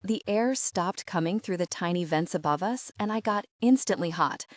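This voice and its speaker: A woman narrating a first-person romance audiobook in a steady, even voice, read close to the mic. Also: fairly low pitch, normal speed, dry recording.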